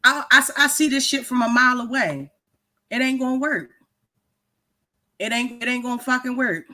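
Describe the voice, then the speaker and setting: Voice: high-pitched, normal speed, sharp tone. A livestream co-host giving emphatic, profane commentary and often repeating words.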